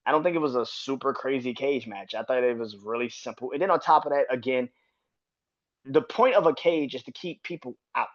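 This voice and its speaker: A man's voice: mid-range voice, fairly quick, muffled recording. A man hosting a solo wrestling review podcast, ranting with heavy swearing and frequent restarts. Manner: profane, ranting, repetitive restarts. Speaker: podcast host.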